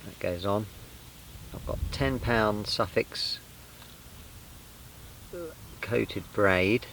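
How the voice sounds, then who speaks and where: A lowish-voiced English man chats casually while fishing outdoors by a fenland lake. He talks in a relaxed, self-deprecating way and walks through his rig piece by piece. A faint outdoor hiss sits under his voice. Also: very slow, gravelly, poor audio. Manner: chatty, self-deprecating, explains tackle step by step. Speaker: angler vlogger.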